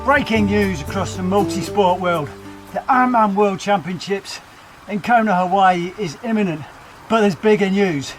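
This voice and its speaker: A man's voice: high-pitched, normal speed, faint music behind, natural voice. A man voicing an over-eager male news anchor with a mock-serious broadcast delivery, recorded in a home training room. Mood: urgent. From Britain.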